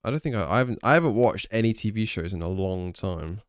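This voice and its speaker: A man's voice: fairly low pitch, animated, quick pace, clean tone, dry recording, clean studio sound. A young English man streaming live, chatting casually with viewers, thinking aloud and swearing now and then. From England.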